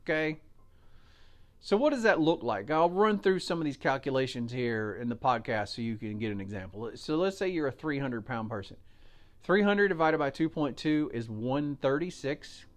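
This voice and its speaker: A man's voice: mid-range voice, lively intonation, normal speed. Folksy American man hosting a podcast. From United States. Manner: chatty, folksy, explains step by step with fillers. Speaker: podcast host. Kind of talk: casual solo podcast talk.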